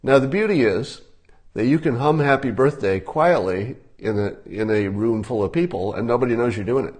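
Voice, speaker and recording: An older man gives advice in a casual, unhurried monologue. His voice sits at an ordinary middle pitch and he talks plainly, as if to one listener. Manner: relaxed, conversational, demonstrating examples. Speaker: cartoonist giving advice.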